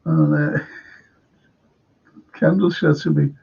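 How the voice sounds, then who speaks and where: Gravelly Liverpool man chatting on a stream. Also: on the high side, measured pace, pauses often, a little mellow. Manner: rambling anecdotes with repeated restarts. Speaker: host of a live fan stream. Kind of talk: casual chat reading viewer comments. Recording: dull lo-fi stream audio.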